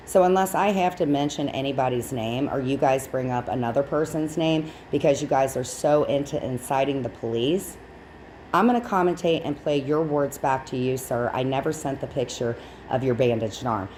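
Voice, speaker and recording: A woman's voice: rumbling low, moderate pace, a little mellow, a little hiss or hum. A woman hosting a livestream, giving blunt, sarcastic, profane reaction commentary on clips. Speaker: stream host.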